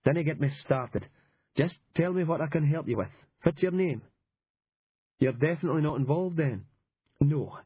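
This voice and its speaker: A man doing a gruff, sarcastic Northern Scottish sergeant. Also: a little high, expressive, moderate pace, pauses often, lo-fi sound, a little hiss or hum, pitched above the performer's own voice, close to an everyday voice. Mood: exasperated. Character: weary, irritable rural police sergeant, middle-aged man.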